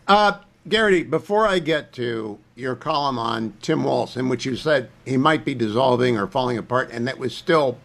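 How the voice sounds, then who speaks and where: Talk radio host guy, opinionated, punchy questions, mid-pitched voice. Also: lively intonation, normal speed, vocal fry, hardly any pauses, a bit bright. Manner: emphatic, opinionated, fires off questions.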